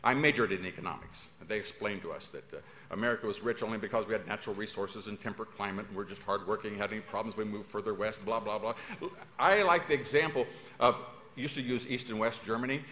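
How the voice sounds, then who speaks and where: A man giving a public speech in a folksy, emphatic way, pausing for emphasis. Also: on the low side, pushed and bright. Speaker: speaker. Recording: echoey hall.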